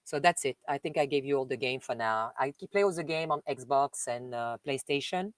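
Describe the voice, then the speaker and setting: A Parisian woman with a French accent hosts a casual live stream, chatting warmly with viewers, laughing often and calling them "dear." Her voice rumbles low, she talks fairly quickly, and the recording is dry.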